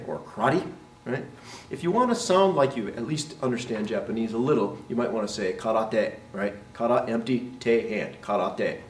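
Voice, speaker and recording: A martial arts instructor gives instructional talk to camera, explaining terms, modeling their pronunciation, and often checking with "right?". His voice is medium-pitched, and the roomy recording places him at a distance, with a little hiss or hum.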